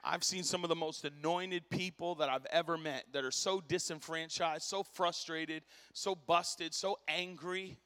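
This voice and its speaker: Man, pastor, impassioned sermon, casual slang, bright sharp tone, long church reverb. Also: on the high side, fairly even intonation, a little slow, hardly any pauses, smooth. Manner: impassioned, storytelling, rising to shouts; casual slang like dude and bro. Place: church sanctuary.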